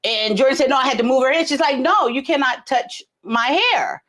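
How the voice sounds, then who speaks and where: A middle-aged woman hosting a casual live chat, telling profane stories and acting out the dialogue. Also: a little fast. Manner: animated, profane, acts out dialogue in high voices. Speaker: host.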